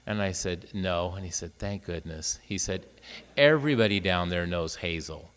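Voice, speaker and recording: Priest, almost sixty, slightly low voice, acts out the dialogue as he tells the story, echoey big church. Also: moderate pace, smooth. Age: 50s. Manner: lively storyteller acting out both sides of dialogue. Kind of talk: storytelling homily.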